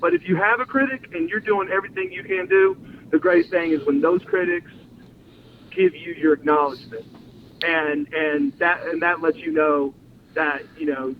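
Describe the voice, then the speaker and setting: Animated man telling stories over a phone line. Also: fairly high pitch, moderate pace. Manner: animated storyteller, acts out quotes, laughs often. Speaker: interview guest, former wrestler. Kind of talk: casual storytelling interview. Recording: phone-line audio with faint noise.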